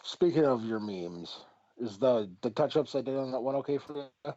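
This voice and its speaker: Man, podcast host, easygoing, casual, middle pitch, dull lo-fi sound. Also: expressive, normal speed, warm tone, dry recording. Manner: easygoing, laughs along, casual swearing. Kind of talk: casual chat.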